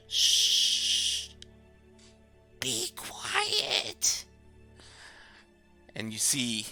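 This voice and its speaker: A man running a tabletop game as dungeon master, narrating in an unhurried, lively way. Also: lowish voice. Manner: unhurried and lively, with fillers and restarts while he narrates.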